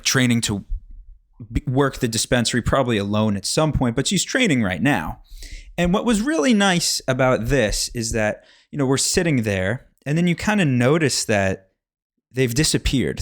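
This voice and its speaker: A young man tells loose, rambling stories as the host of a casual solo talk show, stopping often to ask the listener how it makes them feel. His voice sits at an ordinary middle pitch and is recorded close and dry, with no room sound. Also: no room sound. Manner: rambling, asks the listener rhetorical questions. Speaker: podcast host. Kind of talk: casual storytelling monologue.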